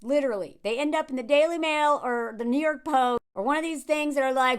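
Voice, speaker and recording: A woman of around forty with a Southern US accent, giving animated, digressive commentary full of sarcastic asides. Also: sits high, quick pace, few pauses, clear, resonant tone. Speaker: commentary vlogger. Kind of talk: ranting commentary.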